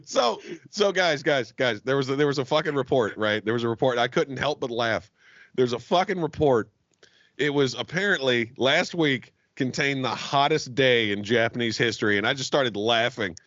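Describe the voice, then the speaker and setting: A man's voice: mid-range voice, normal speed, a bit bright, dry recording, muffled recording. A man co-hosting a comedy podcast, brash and profane, trading crude jokes. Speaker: podcast co-host.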